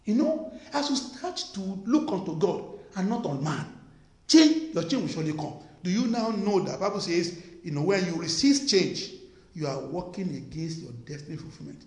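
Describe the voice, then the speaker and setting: A male preacher delivers an emphatic sermon in a high voice. His pitch swings widely as he repeats his points and fires rhetorical questions. The sound rings in an echoey room. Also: animated, moderate pace.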